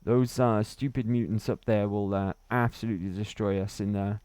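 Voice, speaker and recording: A man's voice: fairly low pitch, steady tone, moderate pace, a little mellow, clean tone, no echo. A man from Wales, chatting and laughing through a gaming livestream while reading his chat. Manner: chatty, laughs often, reads chat aloud. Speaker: streamer.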